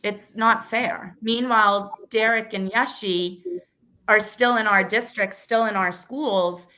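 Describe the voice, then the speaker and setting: A school committee candidate, a woman likely in her thirties or forties, shares something personal during a relaxed interview. She speaks slowly and steadily at medium pitch, with a bright, forceful tone, and her earnest, emotional telling is full of restarts.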